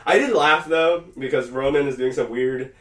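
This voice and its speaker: A man hosting a casual podcast, rambling and cursing freely as he talks wrestling, now and then jumping into loud quoted voices. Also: medium pitch, moderate pace. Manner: rambling, profane, animated when quoting. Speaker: podcast host. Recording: echoey room, mic at a distance.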